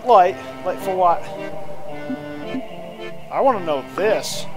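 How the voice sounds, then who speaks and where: A man's voice: high voice, lively intonation, takes it slowly, music in the background, voice pushed up. A man voicing a pushy old male ship captain in a put-on British accent, brusque and scolding.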